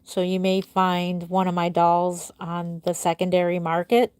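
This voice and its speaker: A woman's voice: fairly low pitch, monotone, unhurried, a little mellow, smooth, dry recording. A woman in her forties hosting a casual livestream as a doll artist, chatting and answering viewer comments. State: tired, yawning.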